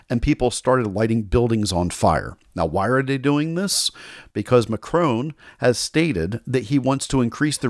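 A man's voice: mid-range voice, dry recording, studio quality. An American man hosting a political talk show, delivering an indignant, sarcastic monologue.

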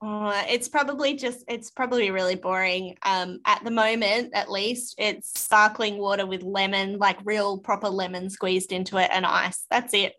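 A woman's voice: medium pitch, steady tone, moderate pace, hardly any pauses, fairly bright tone. An Australian woman guesting on a podcast over a video call, chatty and self-deprecating, laughing easily. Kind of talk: casual interview chat.

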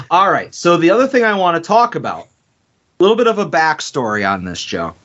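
A man's voice: a little high, very animated, normal speed, a bit bright, highs cut off. A man co-hosting a wrestling podcast in casual chat, telling rambling stories and laughing between his points. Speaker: podcast co-host.

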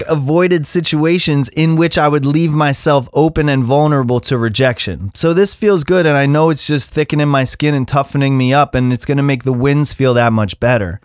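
A man's voice: fairly high pitch, dry recording, studio quality. A man in his thirties hosting a solo podcast, ranting casually and swearing often. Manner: animated, profane, ranting. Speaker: podcast host.

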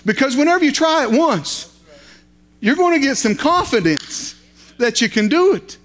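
A man's voice: extremely high pitch, sing-song, moderate pace, a bit bright. A man, a lay preacher, delivering a sermon with folksy asides and repeated, building phrases.

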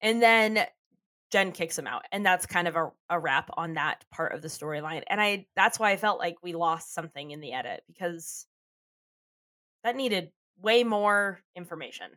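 Woman podcast co-host, low voice, casual swearing, dry close sound. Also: expressive, moderate pace, sharp tone, dry recording. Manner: chatty, laughs often, swears casually. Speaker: podcast co-host recapping a TV episode. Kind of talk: casual chat.

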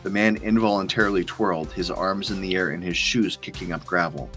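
Casting: low male author-narrator, steady audiobook delivery, faint music bed. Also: brisk.

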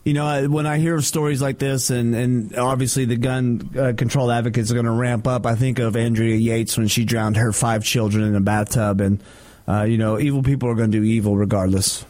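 A man's voice: mid-range voice, flat delivery, a little fast, a little mellow, no echo. A man with an American accent co-hosting a radio talk show, chiming in hesitantly with a lot of fillers. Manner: hesitant, filler-laden interjections. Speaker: radio co-host.

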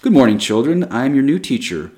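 A man reading aloud voices a smiling young woman teacher who speaks gently and sweetly. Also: mid-range voice, big pitch swings, fast talker, pitched above the performer's own voice, close to an everyday voice.

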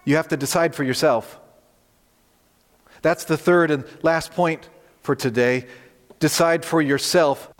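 Earnest pastor preaching in a reverberant hall. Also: male voice, a little high, steady tone, measured pace, long pauses. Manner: earnest, direct appeals to listeners with emphatic repetition. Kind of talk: sermon.

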